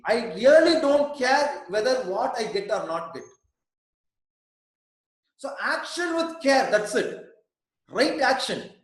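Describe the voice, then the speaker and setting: Man asking probing questions in a very echoey room. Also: very high voice. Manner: questioning, repeats words for emphasis. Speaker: mindfulness centre founder leading discussion. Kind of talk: reflective group discussion. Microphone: online call. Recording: heavy echo on an online call.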